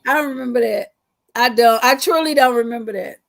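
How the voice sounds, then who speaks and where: A woman co-hosts a live chat. Her voice sits high as she teases her friend and reads out comments from viewers. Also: fairly quick, vocal fry. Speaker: co-host. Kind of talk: casual chat.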